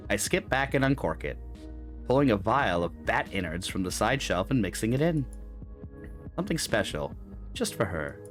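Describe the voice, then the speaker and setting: A man's voice: fairly low pitch, lively intonation, normal speed, faint music behind. A man hosting a gaming stream, reading a game's narration aloud with dramatic flair. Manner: dramatic reading with swearing asides. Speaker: gaming channel host. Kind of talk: reading game narration aloud with live chat.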